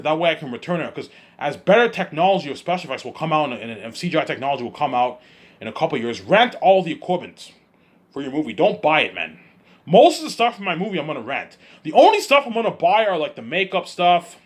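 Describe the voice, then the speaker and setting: A man with a husky voice rambles through a solo monologue, daydreaming aloud. He talks quickly, restarting sentences and repeating himself, with lively swings in pitch. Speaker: vlogger.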